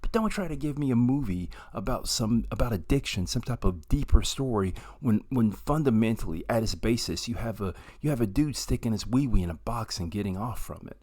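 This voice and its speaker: A man casually reviewing a movie to camera, animated and excitable, swinging between loud bursts and quiet asides. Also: on the low side, a little fast, hardly any pauses.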